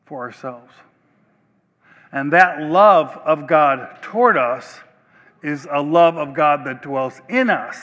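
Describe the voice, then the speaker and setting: Slow, bright-voiced preacher in a reverberant hall. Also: male voice, a little high. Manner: slow, emphatic preaching with long pauses. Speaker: pastor. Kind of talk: sermon. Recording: long reverb of a large hall.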